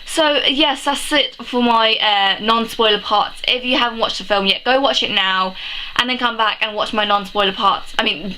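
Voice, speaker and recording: A woman's voice: a little high, bright, forceful tone, a little hiss or hum, low-quality recording. A young woman vlogging a film review, sniffly from crying, gushing and rambling with many exclamations and laughs. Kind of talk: casual emotional film review.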